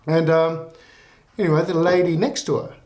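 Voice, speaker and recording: Male reviewer, slightly high voice, relaxed and rambling, roomy echo. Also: normal speed. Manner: relaxed, rambling, many fillers. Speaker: whisky reviewer. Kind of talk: casual tasting review.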